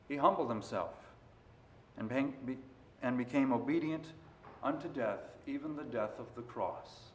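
A man preaching a sermon, moving between quiet stretches and loud, emphatic passages. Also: medium pitch, a little slow, slight background noise. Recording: roomy echo.

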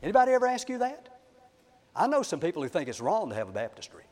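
A man preaching a sermon, emphatic and swinging between loud declarations and soft asides. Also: sits high, huge pitch swings, fast. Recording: long hall reverb.

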